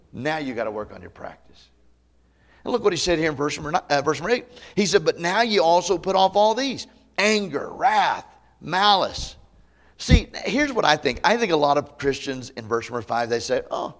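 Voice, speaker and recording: A man pastor preaching a camp meeting sermon to a congregation, conversational and folksy, with humor and loud emphatic peaks. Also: a little high. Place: church meeting before a live congregation.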